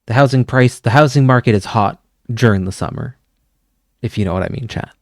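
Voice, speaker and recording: A man's voice: medium pitch, fairly quick, a little mellow, no room sound, clean studio sound. A man streaming, chatting casually with his viewers, rambling and swearing as he goes. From Canada. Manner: rambling, swears often, chuckles.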